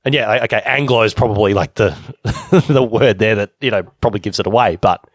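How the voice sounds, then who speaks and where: A man hosts an interview podcast, chatty and jokey, drifting off onto tangents in casual conversation. His lowish voice moves fairly quickly, with clean, echo-free studio sound.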